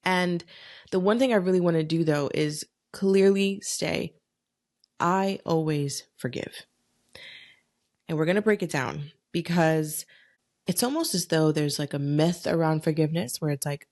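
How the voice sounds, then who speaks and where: Low-voiced woman telling a frank story. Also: unhurried. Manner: frank and profane, animated storytelling. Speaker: podcast host. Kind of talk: candid solo podcast storytelling.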